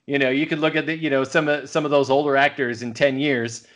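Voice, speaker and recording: A man's voice: medium pitch, level tone, quick pace, fairly bright tone. A man co-hosting a casual podcast chat, rambling along with lots of filler words. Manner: rambling, full of "you know" fillers. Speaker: podcast co-host.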